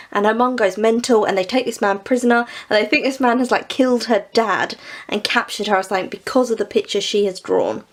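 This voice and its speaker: A young woman retelling and reviewing stories in a casual, chatty way, laughing often and saying "like" a lot. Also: mid-range voice. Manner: chatty, giggly, peppered with "like". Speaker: book vlogger.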